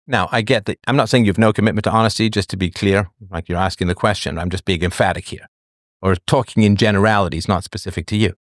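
Speaking quickly in a fairly low voice, this male show host delivers an emphatic monologue to a listener, lecturing hard and parroting excuses back in a raised, mocking tone. It's studio quality with no echo.

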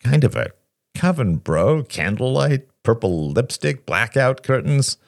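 A man's voice: mid-range voice, big pitch swings, a little slow, gravelly, dry recording, clean studio sound, voice pushed up. A man voicing a young man who teases his friend in a joking way. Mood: teasing. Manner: teasing, joking.

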